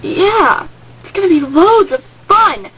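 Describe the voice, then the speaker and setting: A woman's voice: extremely high pitch, animated, slow pace, a bit bright, slight background noise, poor audio. A teenage girl telling a rambling story on a home webcam vlog, hyper and jumping into sudden squeals. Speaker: vlogger. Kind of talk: casual excited vlog storytelling.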